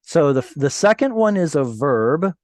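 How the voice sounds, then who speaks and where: A man's voice: on the high side, big pitch swings, a little slow, a little mellow, no room sound. A man teaching a language class online over a video call, patiently explaining word by word and correcting himself as he goes. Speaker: Hebrew teacher.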